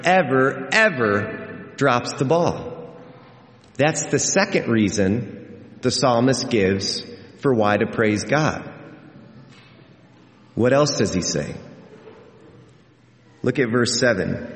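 Man, pastor preaching a sermon, slow deliberate pace, earnest and emphatic, echoey church hall with long reverb. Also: medium pitch.

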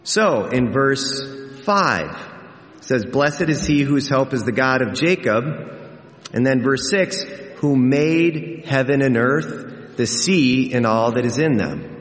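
A man preaches a sermon, earnest and emphatic, repeating his key lines for weight. He speaks at a slow, deliberate pace. His voice rings through a roomy sanctuary with a long, trailing reverb. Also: mid-range voice, expressive. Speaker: pastor. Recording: echoey hall with long reverb.

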